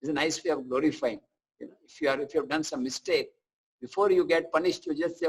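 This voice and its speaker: A man giving a scripture class, telling stories in a chatty, animated way with asides to listeners. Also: on the high side, a little fast, husky, low-quality recording. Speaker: preacher.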